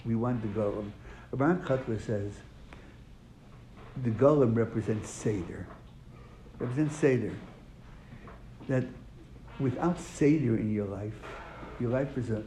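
Man, teacher, classroom lesson, dark mellow voice, roomy echo, faint background hiss. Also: lowish voice, moderate pace, pauses often. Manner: questions his students, then answers. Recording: echoey room, faint noise.

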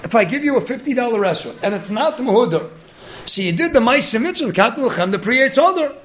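A man with a strikingly high voice gives a Torah study lecture. His delivery is animated and urging, and he weaves Hebrew and Yiddish terms through his English. A faint noise sits under the recording. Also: quick pace. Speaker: Torah teacher.

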